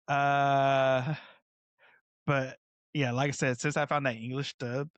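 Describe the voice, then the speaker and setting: Male podcast host, easygoing and rambling, average pitch, dry close sound. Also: level tone, takes it slowly, fairly bright tone, no echo. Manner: laid-back, rambling with many fillers. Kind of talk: casual podcast chat.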